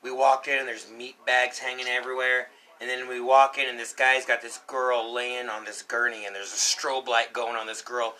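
A young man co-hosting a podcast, telling a story in a casual, animated way, acting out shouts and quotes. He coughs now and then. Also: mid-range voice, moderate pace, poor audio. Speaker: podcast co-host.

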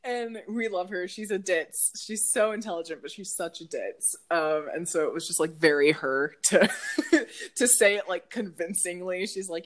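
A woman's voice: lowish voice, moderate pace. A woman co-hosting a podcast in casual chat, telling stories animatedly with frequent laughter and swearing. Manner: animated, profane, laughs often. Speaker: podcast co-host.

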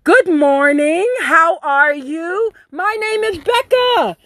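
A woman voicing a sugary, overly polite young receptionist with a slow, exaggerated customer-service tone. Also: extremely high pitch, fairly bright tone, dry recording, studio quality, voice pushed up, heavily acted. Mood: mock-sweet.

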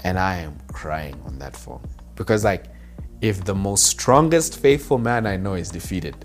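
Earnest low-voiced man telling a story. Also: animated, faint music behind. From Zambia. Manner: earnest, halting storyteller who acts out quoted voices. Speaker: guest sharing a personal testimony. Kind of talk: personal storytelling.

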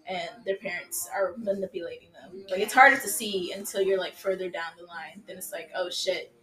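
A woman's voice: fairly low pitch, fairly quick, bright, forceful tone. Woman guest on a podcast, lots of like and you know, echoey room. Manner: rambling with many fillers. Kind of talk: casual chat.

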